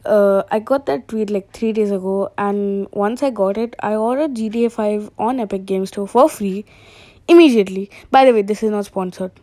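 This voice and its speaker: A woman's voice: medium pitch, moderate pace, mellow. A young woman who hosts a casual, rambling comedic podcast monologue and laughs at her own jokes.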